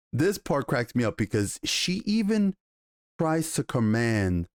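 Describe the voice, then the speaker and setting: A man casually reviewing a TV episode, retelling scenes with excited, profane enthusiasm and quoted dialogue. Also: mid-range voice, takes it slowly, no echo, studio quality. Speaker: TV show reviewer.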